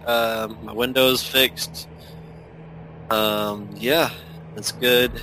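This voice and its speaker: A man co-hosting a casual chat, talking in a halting, easygoing way and laughing often. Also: mid-range voice, steady tone, pushed and bright, faint music behind, poor audio.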